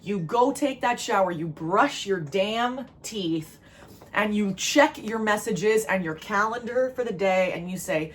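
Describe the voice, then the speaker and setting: A woman's voice: medium pitch, expressive, unhurried. A woman from New Jersey giving a spiritual pep talk as a tarot reader, emphatic and repetitive. She is emotional and near tears, and she keeps calling the listener "baby.".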